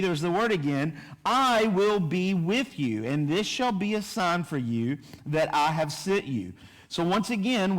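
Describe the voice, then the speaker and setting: A man's voice: high-pitched, fairly bright tone. A man teaching a Bible study in a conversational manner, often repeating himself and checking in with "right?" and "okay?". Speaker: pastor. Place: church.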